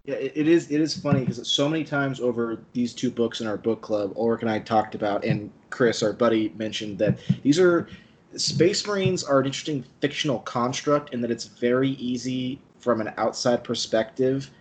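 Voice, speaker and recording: A man's voice: mid-range voice, moderate pace, rough recording. A man hosting a podcast interview, chatting in a conversational way with hesitant restarts. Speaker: podcast host. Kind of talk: casual interview chat.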